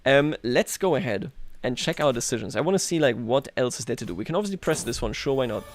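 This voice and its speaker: A man's voice: medium pitch, lively intonation, quick pace, a little hiss or hum. Chatty man streaming a strategy game. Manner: chatty, self-mocking, chuckles often. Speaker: livestreamer. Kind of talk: casual gameplay commentary.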